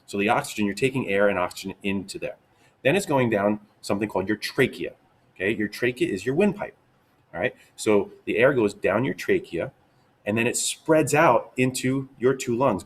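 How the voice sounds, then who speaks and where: Energetic, low-voiced man teaching science. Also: moderate pace, slightly rough. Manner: energetic, upbeat, repeats "okay?" often. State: out of breath. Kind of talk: casual science lesson for kids.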